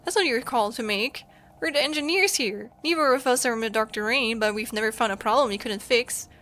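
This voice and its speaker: A woman's voice: fairly high pitch, a little fast, fairly bright tone, natural voice. A woman reading as a stubborn engineer. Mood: determined. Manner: firm and comforting.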